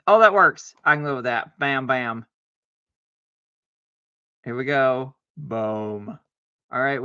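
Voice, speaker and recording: Slow gravelly man arguing with himself. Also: medium pitch, dry recording, dull audio. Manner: argues with himself aloud, bursts of excited exclamations. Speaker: livestreamer playing solitaire. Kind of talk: casual self-talk while gaming.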